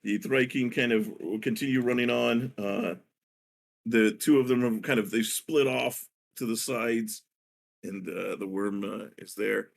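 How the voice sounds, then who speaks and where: A man narrating as dungeon master of a tabletop game, halting with many filler pauses. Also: medium pitch, fairly even intonation, vocal fry.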